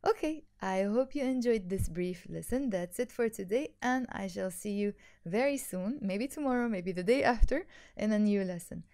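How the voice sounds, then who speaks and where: A woman teaching a language lesson, patiently explaining and repeating words slowly for learners. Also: mid-range voice, lively intonation, mellow. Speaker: Arabic teacher.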